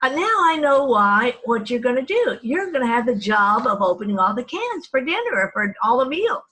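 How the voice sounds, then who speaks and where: Wry deadpan housewife mother, as an older woman quotes her. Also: a little high, normal speed, pitched above the performer's own voice, rough recording. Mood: teasing. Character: narrator's mother, wry dry-humored housewife.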